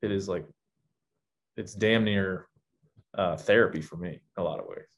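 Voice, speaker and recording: A man's voice: sits low, moderate pace. A man talking as a podcast guest, candid and reflective, often restarting his sentences. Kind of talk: casual podcast chat.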